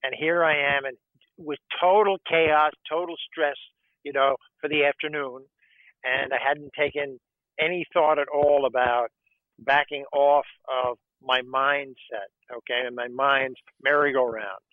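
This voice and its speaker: A man's voice: medium pitch, fairly even intonation, measured pace, dry recording. New attorney guy rambling, lots of "okay", phone-like sound. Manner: rambling, peppered with "okay" and "you know". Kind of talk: conversational interview talk.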